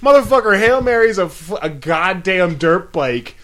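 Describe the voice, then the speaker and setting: A man's voice: high voice, lively intonation, moderate pace, a crowd in the background. A man co-hosting a casual podcast, retelling a film scene with lots of swearing and acted-out quotes. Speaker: podcast co-host. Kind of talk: casual movie chat.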